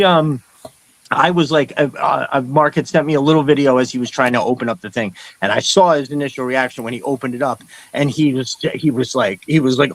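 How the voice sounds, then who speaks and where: A man's voice: medium pitch, low-quality recording. A middle-aged man hosting a live stream in casual, rambling chat. He reads out viewer comments and greets each viewer as brother. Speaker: host of a live stream show.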